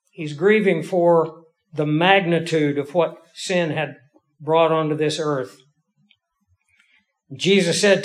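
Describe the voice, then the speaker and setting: A male preacher giving a sermon in a folksy, emphatic way, slowing down to stress key lines. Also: sits high.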